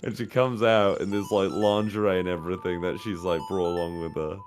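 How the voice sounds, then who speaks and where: Low-voiced man telling crude stories. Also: fairly even intonation, a little fast, faint music behind. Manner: laughs through his own stories, swears a lot. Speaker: streamer co-host. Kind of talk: casual crude chat while gaming.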